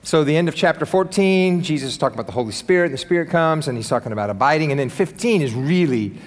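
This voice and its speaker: A man's voice: a little high, lively intonation, quick pace. A male pastor preaching a sermon to his congregation in an easygoing, enthusiastic way, joking with the room between points. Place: church sanctuary. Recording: long reverb of a large hall.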